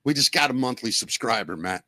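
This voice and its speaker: Emotional podcast host with a bright voice. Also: male voice, medium pitch, expressive, a little fast, dry recording. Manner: emotional, heartfelt, swears freely. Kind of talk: casual chat.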